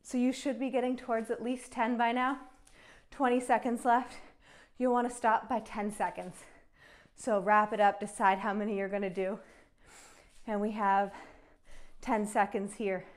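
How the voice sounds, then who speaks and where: A young fitness instructor, out of breath, leads a follow-along kettlebell workout, counting down reps and offering encouragement. Her voice is fairly high with a steady tone, at a moderate pace with long pauses.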